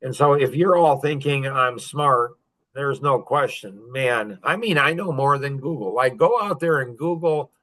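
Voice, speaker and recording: A man in his fifties spins stories for a podcast, boastful and joking. He laughs often between his lines, and his voice sits at a middle pitch. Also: expressive, measured pace, bright, forceful tone. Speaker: podcast guest. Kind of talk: casual storytelling.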